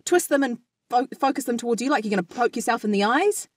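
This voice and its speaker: A woman with a New Zealand accent co-hosting a podcast, chatty and quick to laugh, explaining things at length. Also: on the high side, animated, husky, no room sound. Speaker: podcast co-host. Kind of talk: casual chat and explanation.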